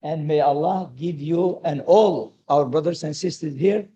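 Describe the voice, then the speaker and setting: A man's voice: on the high side, measured pace, mellow, lo-fi sound, slight background noise. A man giving an earnest sermon-like talk at a religious study circle, repeating his key advice, with a delivery.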